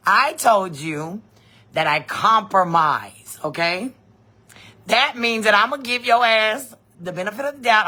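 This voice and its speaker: A woman, telling a story in a blunt, profane, animated vlog rant. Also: on the low side. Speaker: vlogger.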